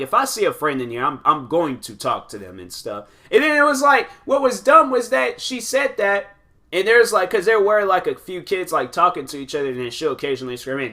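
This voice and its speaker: A young man hosting his own show, rambling through stories in a casual, animated way with many restarts. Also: sits high. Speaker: podcast host. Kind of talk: casual chat answering questions.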